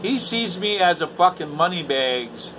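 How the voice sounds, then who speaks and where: A man's voice: sits high, expressive, measured pace, background noise. A man in later life ranting to camera at home, bitter and profane, repeating himself. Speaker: vlogger. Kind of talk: angry rant to camera. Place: indoors at home.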